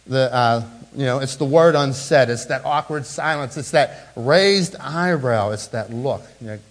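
A middle-aged man preaching a sermon as a pastor, speaking with the congregation, swinging from animated emphasis to hushed, low moments. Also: normal speed, low-quality recording. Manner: conversational, with asides to the congregation.

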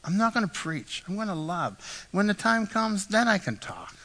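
Bright-voiced middle-aged pastor in echoey hall. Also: male voice, high-pitched, moderate pace. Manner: animated, self-deprecating anecdotes with frequent "right?" asides. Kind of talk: storytelling sermon.

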